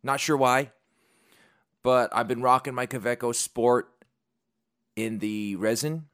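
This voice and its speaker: A man's voice: on the low side, fairly bright tone, no echo, clean studio sound. A man hosting a podcast, chatting casually and reading sponsor spots in a rambling, jokey, self-deprecating way. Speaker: podcast host. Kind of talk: casual unscripted chat and sponsor reads.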